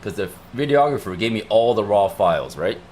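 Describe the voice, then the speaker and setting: Excited guy rambling on a livestream, kinda low voice, repeats stuff. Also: fairly quick, a little hiss or hum. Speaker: livestream host. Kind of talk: casual chat.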